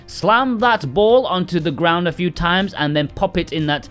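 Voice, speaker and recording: Lively sarcastic man. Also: high-pitched, moderate pace, few pauses, soft background music. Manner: sarcastic, joking asides. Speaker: game release news host. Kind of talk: casual scripted commentary.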